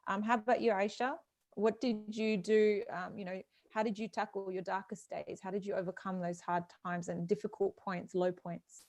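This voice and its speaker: A woman's voice: medium pitch, flat delivery, moderate pace, a little mellow, dry recording. Emphatic woman hosting a talk. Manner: emphatic, encouraging. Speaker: host. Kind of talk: moderating a live online talk. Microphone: video call.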